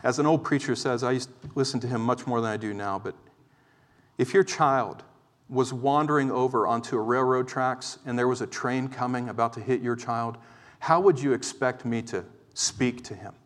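A man preaching a sermon from the pulpit, earnest and pleading, moving between urgent exhortation and quieter teaching. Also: mid-range voice, normal speed. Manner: impassioned, pleading, swings from loud exhortation to quiet explanation. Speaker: pastor. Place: church. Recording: long reverb of a church hall.

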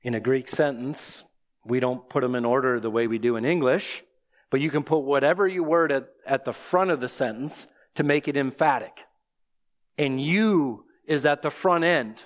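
A man's voice: mid-range voice, normal speed. A man preaching an expository sermon, explaining scripture and asking the listeners rhetorical questions.

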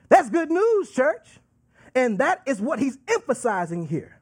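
A man preaching a sermon with emphatic, drawn-out delivery and call-and-response asides. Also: extremely high pitch, sing-song, husky.

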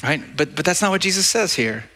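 Pastor, man, bright and slightly high voice; casual preaching, restarts and asks "right?". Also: animated, fairly quick. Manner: conversational, repeats words, asks "right?" often. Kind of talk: sermon. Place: church service. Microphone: handheld or stage mic.

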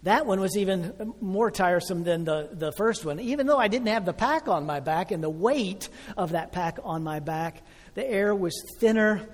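Husky-voiced man in his sixties preaching. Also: sits high, lively intonation, big-room sound. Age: 60s. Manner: emotional storytelling, swelling loud then dropping soft and slow. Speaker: pastor. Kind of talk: sermon.

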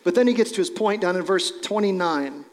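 A man's voice: high-pitched, expressive, a little fast, big-room sound. A man preaching a sermon as a pastor, explaining scripture in a conversational way with casual asides.

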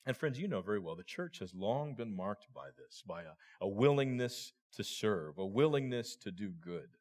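A pastor delivering a sermon in a somewhat low voice. He speaks earnestly, addressing the congregation as friends and often doubling back on his words. A man preaching steadily. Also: animated, moderate pace, darkish tone.

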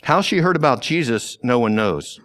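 A man preaching a sermon slowly and deliberately, with long pauses and sudden drops to a hush. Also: medium pitch, animated. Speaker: pastor.

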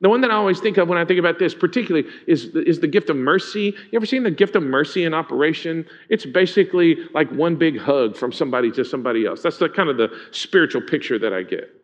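Pastor, male, higher voice, chatty sermon delivery with questions to the room, dull lo-fi recording. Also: expressive, fast talker, hardly any pauses. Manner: informal, asks the congregation questions. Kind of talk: conversational sermon. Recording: dull lo-fi sound.

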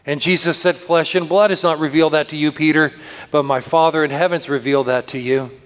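A man pastor preaching a sermon, earnest and slowing down to lift his voice for scripture, recorded in a church. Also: fairly high pitch, fairly even intonation. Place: church sanctuary. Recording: long reverb of a church hall.

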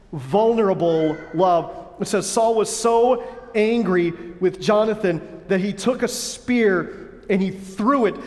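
A man preaching a sermon as pastor, emphatic and stacking lists of repeated words. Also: high-pitched. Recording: long reverb of a large hall.

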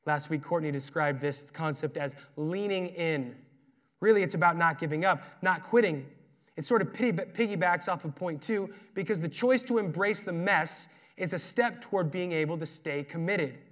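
Brief: male pastor, casual earnest sermon delivery, slightly higher pitch, dips soft then builds. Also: normal speed. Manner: conversational, earnest, shifting between emphatic and quiet.

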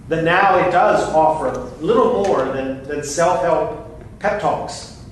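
Earnest man preaching in an echoing hall. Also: high-pitched. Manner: earnest and emphatic, with frequent restarts. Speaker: pastor. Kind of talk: sermon. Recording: very echoey room, voice far from the mic, faint noise.

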